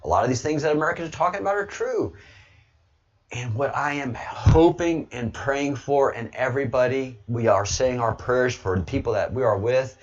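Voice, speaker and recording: A man talking casually on his livestream, rambling and now and then breaking into loud, excited bursts. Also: medium pitch, moderate pace, dull audio. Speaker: livestreamer, political commentator.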